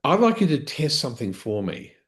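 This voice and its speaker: A man's voice: medium pitch, huge pitch swings, a little fast. A man coaching a live training session, explaining step by step, restarting phrases and checking in with "okay?".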